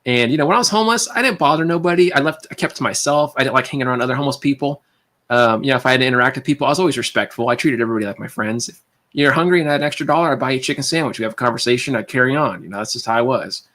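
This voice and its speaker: A man on a livestream casually telling a personal story, rambling and animated, with restarts and tangents. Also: medium pitch, racing.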